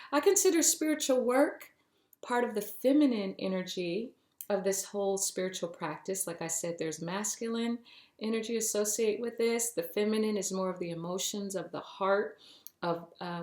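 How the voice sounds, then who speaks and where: A woman's voice: medium pitch, darkish tone. A woman hosting a spiritual podcast, talking in a chatty, playful way and tossing in pet names as she goes. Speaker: podcast host. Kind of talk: casual spiritual podcast monologue. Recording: roomy echo.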